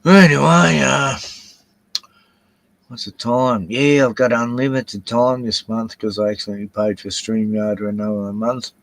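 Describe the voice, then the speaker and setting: A man's voice: medium pitch, steady tone, measured pace, vocal fry, no room sound, rough recording. An older Australian man rambling through a casual solo livestream at home, swearing freely as he drifts between topics. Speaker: livestream host.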